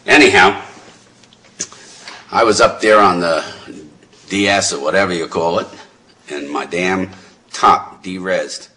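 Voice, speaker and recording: A middle-aged man doing loose stand-up comedy, with a lowish voice that still comes across bright and forceful. He rambles, chats with the crowd and breaks into laughter at his own jokes. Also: measured pace, long pauses. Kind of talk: rambling stand-up over live voice chat.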